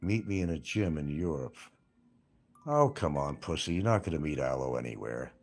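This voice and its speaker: A man's voice: extremely low pitch, very animated, moderate pace. A man hosting a livestream, reading chat comments aloud and mocking people in a rambling, crude way. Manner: crude, mocking, laughs at his own jokes.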